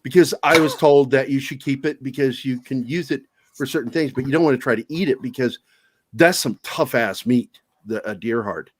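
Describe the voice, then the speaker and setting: An older man from Virginia with no regional accent, a podcast guest telling profane, animated stories in casual chat. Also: mid-range voice, normal speed, dry recording, studio quality. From Virginia, USA. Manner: profane, animated storytelling with put-on voices.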